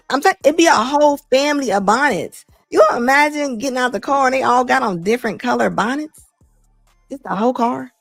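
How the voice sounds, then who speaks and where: A middle-aged woman hosting a talk show, giving blunt, animated opinion commentary and laughing often. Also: a little high, no room sound, clean studio sound. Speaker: host.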